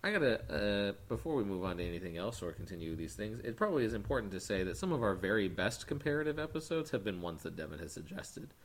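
A man hosting a podcast in casual chat, animated and acting out the people he quotes. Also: lowish voice, fast, few pauses. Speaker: podcast host.

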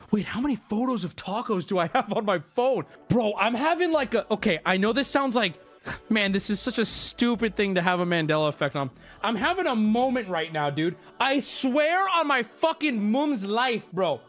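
A man in his thirties chatting on his livestream in a high, very lively voice. He rambles, swears freely and breaks into sudden shouts. His pitch swings all over the place. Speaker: livestream host. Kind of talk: casual stream chat.

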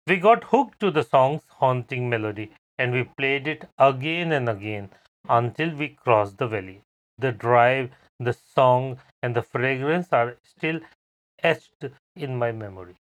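A man calmly recounting a personal travel memory on an educational podcast. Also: mid-range voice, a little slow. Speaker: podcast guest storyteller.

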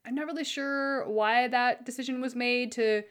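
Chatty woman with animated voice swings. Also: normal speed, clear, resonant tone. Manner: animated, acts out quoted lines with pitch jumps and laughs. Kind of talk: casual chat.

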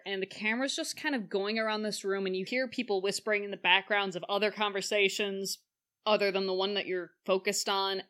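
A woman chatting casually about a film, animated and joking, acting out lines in silly voices. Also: medium pitch.

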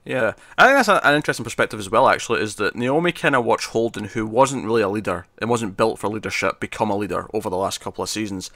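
A man co-hosting a podcast, chatting casually and excitedly as he recaps a TV episode. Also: lowish voice, quick pace, few pauses, dry recording. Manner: excitable, animated retelling of scenes. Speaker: podcast co-host.

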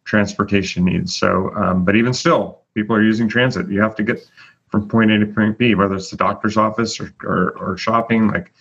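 A man's voice: lowish voice, fairly even intonation, a little fast, creaky, a bit bright, husky. A man hosting a casual chat, chatty and full of fillers as he announces rankings. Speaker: host. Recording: dull lo-fi audio.

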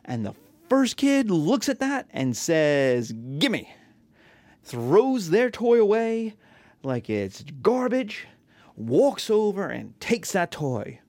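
A man's voice: high-pitched, sing-song, slow pace, darkish tone, no echo. A man teaching a class, talking casually with rhetorical questions and acted-out quotes. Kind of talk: classroom lecture.

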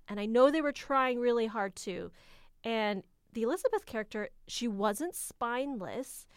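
An American woman co-hosting a casual film review, opinionated and quick to laugh. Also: fairly high pitch, smooth, dry recording, clean studio sound. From United States.

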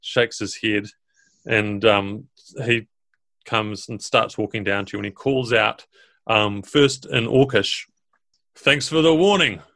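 A man narrating as game master of a tabletop game, relaxed with fillers. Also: lowish voice, slow, creaky, dry recording.

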